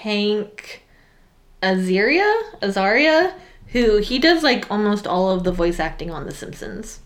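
A woman's voice: medium pitch, sing-song, unhurried. A woman co-hosting a casual film podcast, chatty and full of fillers. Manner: chatty, many fillers, quotes scenes in shrieky voices. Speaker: podcast co-host. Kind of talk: casual chat about films.

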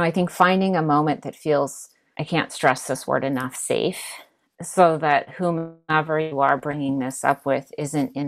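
A woman speaking as a therapist guest, giving gentle advice and often repeating words as she thinks. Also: deep voice. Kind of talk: casual advice talk.

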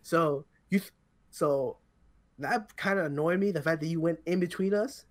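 A man's voice: fairly high pitch, normal speed. A tired young man co-hosting a podcast, telling a rambling, profane story in casual chat with lots of restarts. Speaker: podcast co-host.

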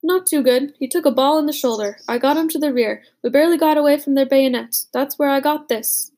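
A woman voicing a rough, blunt teenage boy soldier, once a bully, in an audiobook. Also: sits high, fairly quick, mellow. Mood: gruff.

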